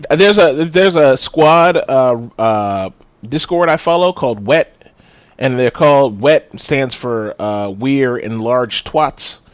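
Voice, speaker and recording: A man's voice: medium pitch, expressive, takes it slowly, clear, resonant tone, dry recording. A man co-hosting a podcast in casual chat, blunt and profane, laughing often. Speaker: podcast co-host.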